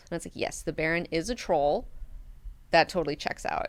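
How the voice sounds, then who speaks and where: A woman hosting a book club, recapping chapters in a chatty, animated way with frequent filler words. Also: lowish voice, moderate pace, smooth, no echo, clean studio sound.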